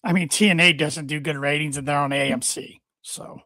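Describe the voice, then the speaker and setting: A man on a casual wrestling podcast, speaking a bit high for a man and stumbling over repeated words as he chats. His voice sounds close and dry, with no room echo. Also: fairly even intonation, pushed and bright. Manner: halting, repeats words often. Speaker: podcast co-host.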